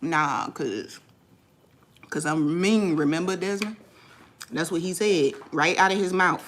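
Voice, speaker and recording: A woman's voice: lowish voice, unhurried. Playful woman chatting on a live stream. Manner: playful, teasing, laughs often. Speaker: vlogger chatting with live viewers. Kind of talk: casual live-stream chat.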